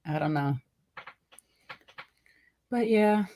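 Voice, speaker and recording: A woman's voice: mid-range voice, very slow. A woman co-hosting a casual podcast chat, telling stories with lots of laughter and speech. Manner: animated storyteller, laughs often, says "child" and "okay". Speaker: podcast co-host.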